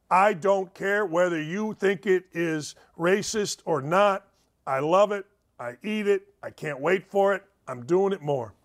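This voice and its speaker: A man hosting a talk show, reading out news articles with sarcastic, incredulous commentary and swinging from loud outbursts to muttered asides. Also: sits high.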